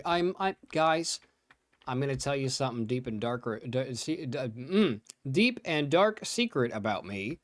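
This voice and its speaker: A man's voice: medium pitch, a little slow, no echo. Chatty young man with a dry, close sound. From Ohio, USA. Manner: chatty, rambling, excitable bursts. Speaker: let's play host. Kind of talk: casual gameplay commentary.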